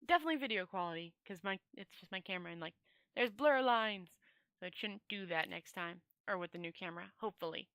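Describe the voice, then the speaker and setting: A woman host reading a novel aloud to her viewers in a chatty, relaxed way, stumbling and rereading words now and then. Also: medium pitch, fast, no room sound. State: dry throat. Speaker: storyteller host. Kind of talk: reading a novel aloud, casual sign-off chat.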